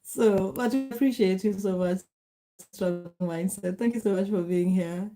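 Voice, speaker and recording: A middle-aged woman hosting a casual livestream, warmly greeting viewers by name and laughing often. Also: mid-range voice, unhurried. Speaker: livestream host. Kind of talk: casual livestream chat reading comments.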